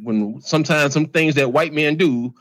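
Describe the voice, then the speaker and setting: A man's voice: a little high, moderate pace, fairly bright tone, low-quality recording. A man in his late forties co-hosting a podcast, speaking earnestly in a colloquial way and leaning heavily on "you know". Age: 40s. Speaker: podcast co-host. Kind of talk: casual conversation.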